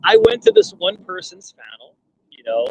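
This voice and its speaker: A man's voice: high-pitched, wildly swooping pitch, normal speed, creaky, a little mellow, slight background noise, rough recording. A man in a casual online panel talk, boastful and repetitive, often restarting his sentences. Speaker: panel guest. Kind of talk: heated casual debate.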